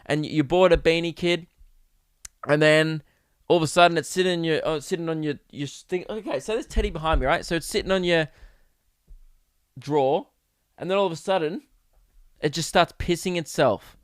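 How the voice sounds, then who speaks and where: Brief: young Australian man, higher-pitched smooth voice, loose comic podcast rant. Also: normal speed, long pauses, no echo, clean studio sound. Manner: rambling, animated, swears freely. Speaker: podcast host. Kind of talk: casual comedic monologue. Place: home podcast setup.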